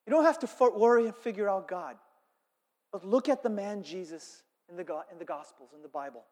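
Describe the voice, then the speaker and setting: High-voiced male pastor, booming hall reverb. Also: lively intonation, brisk. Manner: impassioned, builds to loud preaching with repeated phrases. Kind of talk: sermon. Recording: long reverb of a worship hall.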